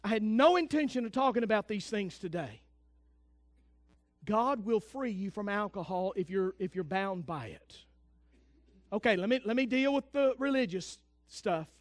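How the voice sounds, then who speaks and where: Fervent high-voiced preacher man. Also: expressive, normal speed, dry recording. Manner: fervent preaching, swings from loud to hushed. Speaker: pastor. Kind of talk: sermon.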